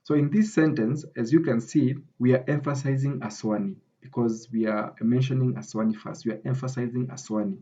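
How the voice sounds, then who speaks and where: Speaking briskly with few pauses, a man with a Kenyan English accent teaches grammar in a screen-recorded lesson as an academic writing tutor, frequently asking "okay?". His mid-range voice is mellow with fairly even intonation, and the recording is muffled.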